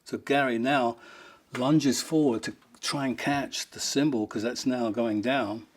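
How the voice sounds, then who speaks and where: A man's voice: mid-range voice, fairly even intonation, measured pace. A man, a rock guitarist, telling fond, rambling anecdotes in an interview, amused and laughing now and then.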